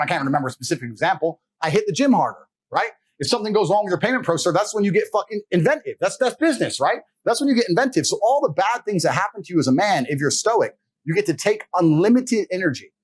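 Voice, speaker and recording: Blunt, husky-voiced man lecturing. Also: high-pitched. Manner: confrontational, addresses listener directly. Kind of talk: motivational monologue.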